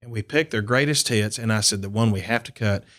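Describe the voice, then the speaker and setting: A country and bluegrass singer from Upper Cumberland, Tennessee, tells stories in an interview, animatedly acting out quotes. His voice is fairly low, a bit bright, and fairly quick.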